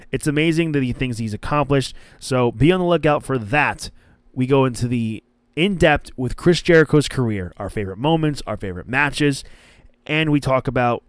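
A man's voice: medium pitch, clear, resonant tone, no room sound. A young man hosting a casual wrestling podcast, rambling with restarts and acting out quoted lines. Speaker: podcast host.

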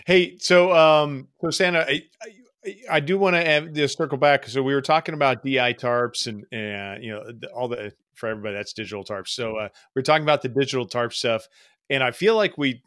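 A man's voice: mid-range voice, brisk, a bit bright, no echo, clean studio sound. A man hosting a conversation in a casual way, stopping to explain terms for the audience. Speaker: podcast host. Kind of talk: conversational interview.

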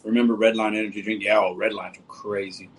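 A man's voice: on the low side, level tone, fast talker, slight background noise, poor audio. Laid-back man chatting on a livestream. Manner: laid-back, joking, talks to viewers as brother and bro. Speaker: livestream host. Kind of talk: casual livestream chat reading comments.

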